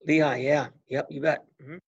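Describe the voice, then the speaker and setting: A man in his sixties, a former college wrestler, telling animated stories as an interview guest and acting out old conversations. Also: on the high side, moderate pace. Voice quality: gravelly, husky. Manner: animated storyteller who acts out past conversations. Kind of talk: casual storytelling interview. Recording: dull lo-fi recording.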